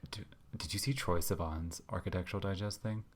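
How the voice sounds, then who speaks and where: A man's voice: low-pitched, fairly even intonation, a little fast. A man co-hosting a podcast in casual chat, with a playful, teasing manner. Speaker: podcast co-host.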